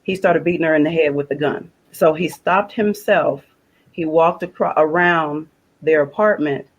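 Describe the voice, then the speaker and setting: A woman speaks at normal speed in a low-pitched voice, relating an emotional personal story as a faith broadcast guest. Her plain, conversational delivery includes religious phrasing, quoted dialogue and repeated phrases. The recording sounds rough.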